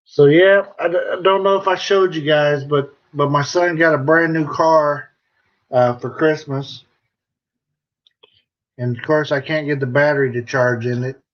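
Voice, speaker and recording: Middle-aged American man, joking live-stream host reading comments, unhurried delivery, dull lo-fi sound. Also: on the high side, fairly even intonation. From United States. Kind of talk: casual live-stream chat.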